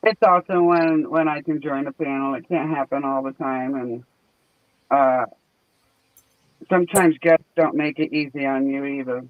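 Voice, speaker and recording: A man's voice: medium pitch, steady tone, moderate pace, no room sound, phone-quality sound. A man hosting a stream, chatting casually and joking, laughing often. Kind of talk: casual chat.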